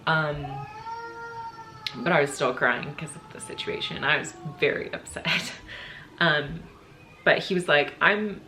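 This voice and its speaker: Her voice sits low with a sharp tone as this young woman tells her channel a personal story, a faint hiss or hum in the background. Emotion overtakes her, and she chokes up and laughs through tears in this casual storytime.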